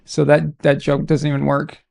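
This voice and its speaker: A man's voice: a little high, completely flat delivery, moderate pace, vocal fry, a little mellow. A man hosting a live stream, chatting casually while watching a game, with rambling, jokey banter and sudden outbursts. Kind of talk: casual watch-along chat.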